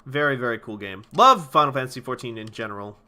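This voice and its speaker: A man's voice: mid-range voice, lively intonation, quick pace, pushed and bright, smooth. A man streaming a video game, chatting casually with rambling, profane enthusiasm. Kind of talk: casual gameplay commentary.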